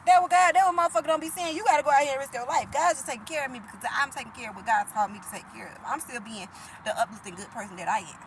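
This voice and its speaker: A high-pitched woman, blunt and full of profanity as she preaches to the camera. Her emphatic, casual delivery comes through over steady background noise with vehicles passing. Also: very fast, rough recording. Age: 30s.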